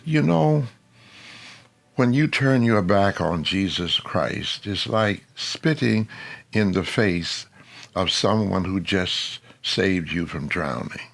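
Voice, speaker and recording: A man telling a personal faith story slowly and deliberately in a documentary. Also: low voice, creaky, a bit bright. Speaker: interviewee. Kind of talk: documentary testimony.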